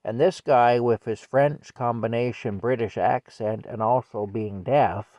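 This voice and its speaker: A man's voice: medium pitch, fairly even intonation, a little slow, darkish tone, no room sound. An older man from Canada telling a rambling story at home, chuckling and breaking off often. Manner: rambling, chuckling, self-interrupting. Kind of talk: casual storytelling vlog. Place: indoors at home with a cat. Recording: dry, dull lo-fi mic.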